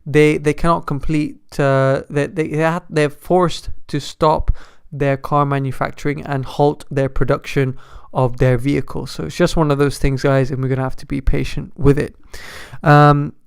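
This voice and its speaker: Chatty man with a gravelly, higher voice. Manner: chatty, loose and rambling, often restarts phrases while answering viewer chat. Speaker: stock market livestream host. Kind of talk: casual live stock commentary.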